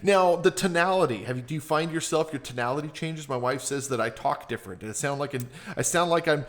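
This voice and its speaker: A man's voice: on the high side, fairly quick. A middle-aged man hosting a radio interview, chatting casually and acting out quotes as he tells stories. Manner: animated storyteller, acts out quotes. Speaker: radio show host.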